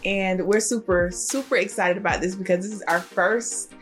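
A woman, co-hosting a podcast in lively, chatty talk. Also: medium pitch, moderate pace, soft background music. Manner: lively, chatty, animated storytelling. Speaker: podcast co-host. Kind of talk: casual chat.

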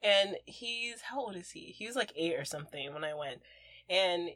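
A young American woman co-hosting a podcast, telling stories in a lively, laughing way. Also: lowish voice, normal speed, no echo. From United States. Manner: animated storytelling with frequent laughter. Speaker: podcast co-host. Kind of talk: casual chat.

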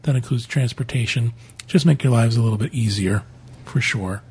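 A man's voice: medium pitch, normal speed, darkish tone, breathy edge. A man co-hosting a podcast, reading listener email aloud in a casual, joking way. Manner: joking, laughs often. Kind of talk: casual chat.

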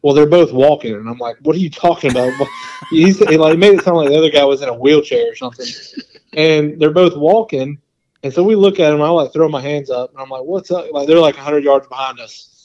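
A man's voice: fairly high pitch, brisk, lo-fi sound. Rambling man telling a hunting story. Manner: rambling and animated, full of "like" and quoted asides. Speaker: podcast guest. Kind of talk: casual storytelling.

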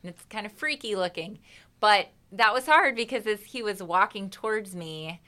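A woman's voice: mid-range voice, moderate pace, sharp tone. A woman, a singer, chatting as a guest in an interview and acting out her own reactions as she tells a story. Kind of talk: casual interview chat.

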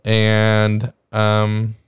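A man's voice: lowish voice, monotone, extremely slow, clean tone, no echo. A man co-hosting a casual podcast chat, sharing trivia with wry, dry humor. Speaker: podcast co-host.

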